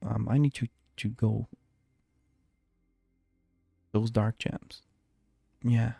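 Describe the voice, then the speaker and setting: Low, mellow-voiced man rambling over gameplay. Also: little pitch movement, extremely slow, creaky, husky, no echo, clean studio sound. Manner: rambling, self-talking, restarts often. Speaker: streamer. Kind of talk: live gameplay commentary. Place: home.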